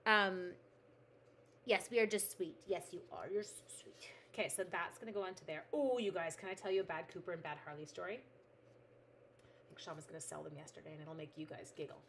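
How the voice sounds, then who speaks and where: A middle-aged woman speaks a little fast in a fairly low, fairly bright voice, with slight background noise behind her. On her craft livestream she makes cards, chatting casually, reading out viewer comments, and talking to her materials.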